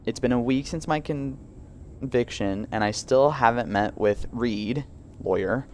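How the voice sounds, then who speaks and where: A man voicing a calm reporter turned prisoner in a video game, speaking low and quietly. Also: a little slow, slight background noise, lightly acted. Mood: low-key. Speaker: game character.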